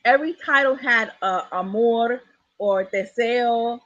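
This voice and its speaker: A woman's voice: on the high side, measured pace, a bit bright, dry recording. A woman hosting a podcast, chatting casually and laughing often. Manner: laid-back, laughs often. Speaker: podcast host. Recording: dull, dry audio.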